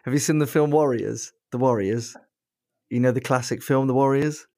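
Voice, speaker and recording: A man's voice: medium pitch, steady tone, normal speed, warm tone, dry recording, studio quality. A man, a podcast guest talking casually and joking into a desk mic. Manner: joking, chatty, says "mate" a lot. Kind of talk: casual chat. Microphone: desk mic in a cradle.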